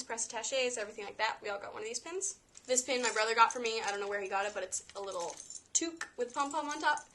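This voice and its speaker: Bright, chatty young woman vlogger. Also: a little high, slight background noise. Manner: chatty, enthusiastic, playful asides. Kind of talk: casual show-and-tell vlog.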